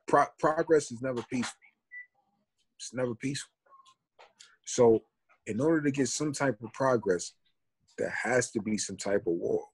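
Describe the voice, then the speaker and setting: Earnest husky-voiced man. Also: medium pitch. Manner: earnest, reflective, builds an argument. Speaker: podcast co-host. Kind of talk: casual podcast discussion.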